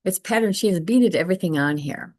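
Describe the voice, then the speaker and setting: Low-voiced lady teaching art off slides, keeps saying stuff's cool, dry sound. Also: lively intonation, a little mellow, no room sound. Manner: enthusiastic, repeats herself, brisk asides. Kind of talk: casual lecture over slides.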